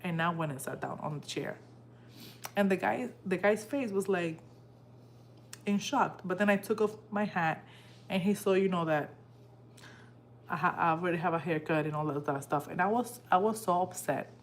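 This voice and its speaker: Her voice leans low, her pace is moderate, and she leaves long pauses, with slight noise behind her. She's a woman hosting a home live stream, telling an emotional, casual story and animatedly voicing what people said.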